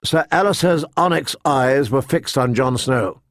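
A man narrating a fantasy novel in a measured storytelling manner, voicing the characters. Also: medium pitch, dry recording, studio quality. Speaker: audiobook narrator. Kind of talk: scripted narration.

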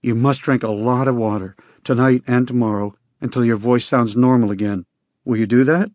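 A man voicing a careful, stern male reverend who gives measured, reassuring instructions. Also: mid-range voice, darkish tone, dry recording, close to an everyday voice. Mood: firm.

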